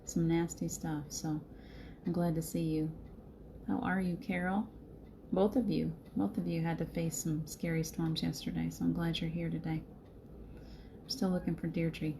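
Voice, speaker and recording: A woman's voice: on the low side, fairly even intonation, moderate pace, mellow, slight background noise. A middle-aged woman with a slight Southern American accent, hosting a casual live stream, greeting viewers by name and laughing often. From Southern United States. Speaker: spiritual live-stream host.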